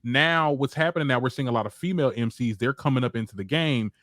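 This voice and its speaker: A man co-hosting a casual podcast chat who talks quickly and emphatically, pushing his points with "let's be clear." His voice is close and dry, with no room sound. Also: medium pitch, a bit bright, dry recording. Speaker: co-host.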